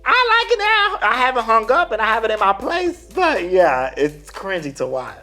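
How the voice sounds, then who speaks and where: A man who performs in drag, chatting in a casual interview, sassy and animated, full of slangy asides. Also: very high-pitched, normal speed, soft background music.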